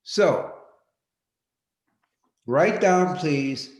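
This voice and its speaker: A man leading an online workshop, speaking in a deliberate, directive way and often repeating his key points. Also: fairly high pitch, expressive. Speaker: workshop teacher. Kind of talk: live online teaching session. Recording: roomy echo.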